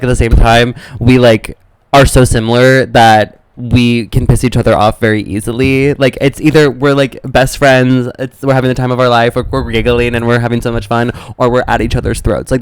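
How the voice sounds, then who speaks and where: A man co-hosting a podcast, telling animated stories in casual chat and acting out the people he quotes. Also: mid-range voice, clean tone, no echo, poor audio. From American Midwest. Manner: animated storytelling, acts out quotes. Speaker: podcast co-host.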